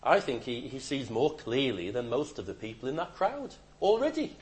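A man preaching a sermon, swinging between loud emphatic declarations and quiet, hushed asides. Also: mid-range voice, big pitch swings, normal speed, breathy edge.

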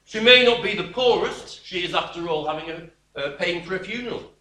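Preacher, male, high bright tone, unhurried emphatic delivery, echoey hall sound. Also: expressive. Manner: slow, emphatic preaching with sudden drops to a quiet voice. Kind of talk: sermon. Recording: echoey room.

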